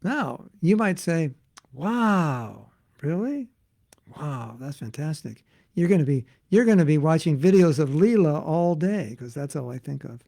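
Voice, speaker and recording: A man giving a devotional class as a spiritual teacher, talking in an animated, conversational way and acting out voices. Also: fairly high pitch, normal speed, creaky, few pauses. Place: Alachua, Florida.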